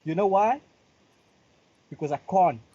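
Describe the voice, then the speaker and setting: Joking man with a higher voice on a lo-fi call. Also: animated, a little slow, warm tone. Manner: joking, teasing, repeats his punchlines. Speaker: comedian guest. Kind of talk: casual banter on a live stream.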